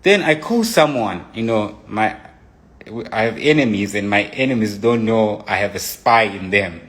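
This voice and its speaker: A man's voice: on the low side, normal speed. Man emotionally retelling a personal story. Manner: animated retelling, quoting his own texts aloud.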